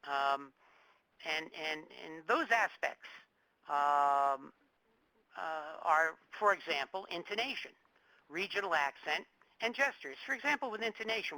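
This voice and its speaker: A man's voice: a little high, lively intonation, measured pace, pushed and bright, no room sound, poor audio. A middle-aged man with a New York accent giving a public lecture, emphatic and often repeating words as he searches for the next one. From New York metropolitan area.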